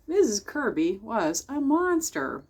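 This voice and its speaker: A woman librarian reading a bedtime picture book aloud to children, expressive and speaking directly to her young listeners. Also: on the high side, slow pace.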